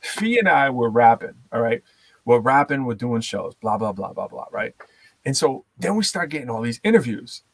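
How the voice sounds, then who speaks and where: A man hosting a casual chat, telling lively stories, laughing often and acting out voices. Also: mid-range voice, moderate pace, no room sound, rough recording. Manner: animated storyteller, laughs often, acts out voices. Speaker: host.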